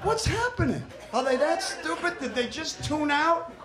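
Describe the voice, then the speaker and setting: Brash high-voiced comedian in a roomy club. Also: male voice, big pitch swings, moderate pace, a crowd in the background. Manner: brash, punchy delivery with crude jokes and character voices. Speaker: stand-up comedian. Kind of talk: stand-up comedy set. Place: comedy club stage before a laughing audience. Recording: roomy live club recording with audience noise.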